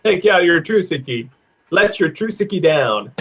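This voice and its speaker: A man teaching an online English class on idioms, playful, laughing often and repeating phrases slowly. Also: sits high, lively intonation, fairly bright tone, slight background noise. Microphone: video call.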